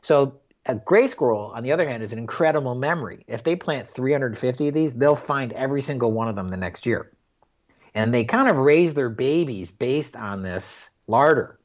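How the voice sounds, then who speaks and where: A man at an ordinary middle pitch, chatting in a loose, rambling way with lots of "you know" and easy laughs. His voice comes through a dull, lo-fi recording with muffled highs. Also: lively intonation, moderate pace. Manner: rambling, with frequent laughs and fillers. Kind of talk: casual storytelling conversation.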